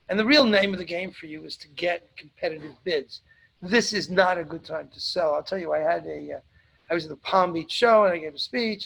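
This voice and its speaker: A man's voice: a little high, creaky, a bit bright, husky, rough recording. A man hosting a live webinar, answering audience questions in a blunt, emphatic way and repeating points for stress.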